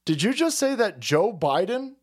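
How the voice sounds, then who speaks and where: A man's voice: big pitch swings, normal speed. A man hosting a political commentary stream, ranting crudely and mocking the clips he plays. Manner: mocking, crude, shouting swings in pitch; does mocking falsetto voices when quoting others.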